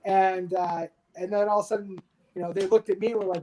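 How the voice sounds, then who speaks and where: A man in his thirties from the United States, a podcast guest telling a war story candidly and with dark humor, swearing freely. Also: sits high, fairly even intonation, fast, a little hiss or hum, rough recording. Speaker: podcast guest, army veteran. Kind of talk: casual storytelling interview.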